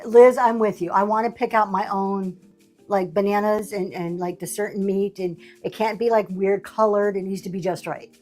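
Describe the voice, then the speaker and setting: A woman's voice: mid-range voice, steady tone, normal speed, a little mellow, faint music behind. A middle-aged woman hosting a livestream sale, chatting casually with a sassy, laughing manner. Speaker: livestream seller host. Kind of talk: casual chat.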